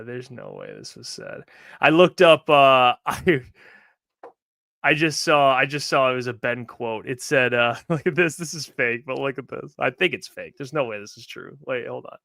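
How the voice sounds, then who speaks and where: A man's voice: medium pitch, lively intonation, moderate pace, creaky, pushed and bright, no echo, clean studio sound. A man co-hosting a sports podcast, chatting loosely and laughing often. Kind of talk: casual sports chat.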